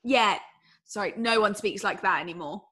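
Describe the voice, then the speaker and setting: A woman's voice: mid-range voice, moderate pace, a bit bright, slightly rough. A woman asking curious questions in a scripted educational chat. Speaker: curious learner.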